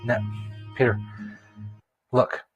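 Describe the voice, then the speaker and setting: Man playing a mellow, rambling stoner Jesus. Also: takes it slowly, highs cut off, soft background music, close to an everyday voice. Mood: patient. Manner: patient, rambling, deadpan explaining. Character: laid-back stoner Jesus, adult man. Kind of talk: comedy sketch.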